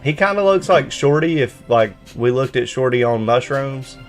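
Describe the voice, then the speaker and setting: A man's voice: medium pitch, animated, moderate pace, soft background music. A man hosting a gaming live stream, bantering casually and swearing freely. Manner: profane, laid-back banter. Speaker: streamer host.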